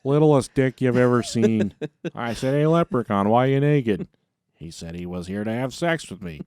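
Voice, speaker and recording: A man playing a gruff middle-aged father who tells his story bluntly and crudely, in a deadpan way. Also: mid-range voice, normal speed, natural voice.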